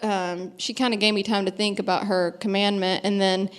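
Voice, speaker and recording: A woman from the American South, in her thirties, tells stories as an interview guest. Her voice sits at a middle pitch. She is self-deprecating, laughs often, and stumbles into quick restarts. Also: flat delivery, clean tone. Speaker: guest author. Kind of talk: storytelling interview on stage.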